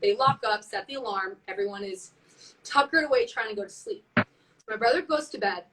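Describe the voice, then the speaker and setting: Woman on a phone live stream telling a ghost story, says like a lot, bit high, kinda far from the mic. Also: a little fast, a little hiss or hum. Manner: animated, heavy use of "like", acts out quotes. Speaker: band member on a live stream. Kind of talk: casual storytelling.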